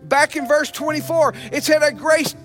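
A male pastor preaches in a church, calling out to his congregation as his delivery swings between loud declarations and hushed asides. His voice sits very high with a bright, forceful edge. Faint music plays underneath. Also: moderate pace. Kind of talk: sermon. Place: church sanctuary.

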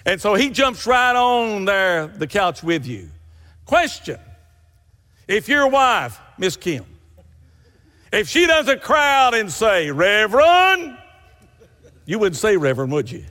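A man's voice: high-pitched, sing-song, takes it slowly, bright, forceful tone, long reverb tail. A man preaching a sermon, telling folksy stories with rising emphatic bursts.

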